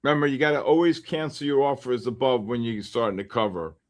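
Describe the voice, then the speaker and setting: Male livestream host, mid-pitched voice, loose running commentary, greets viewers by name. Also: steady tone, quick pace. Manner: chatty, calls out viewers by name and coaches them. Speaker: futures trading livestream host. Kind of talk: live trading commentary.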